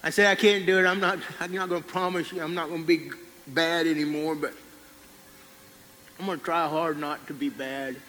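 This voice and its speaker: A man preaching a sermon, telling a folksy personal story and dropping low on quiet lines. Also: steady tone, moderate pace, in a large hall, a little hiss or hum.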